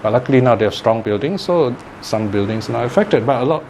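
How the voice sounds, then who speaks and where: A man's voice: mid-range voice, animated, quick pace, darkish tone, slight background noise. A man giving a Buddhist Dharma talk in a conversational teaching manner, often checking in with "okay?" and "right?".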